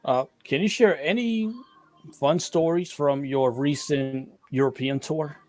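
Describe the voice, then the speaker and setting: A man's voice: on the high side, a little slow, darkish tone, no echo. A male podcast host asking questions and reacting with profane, joking banter. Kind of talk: casual interview chat.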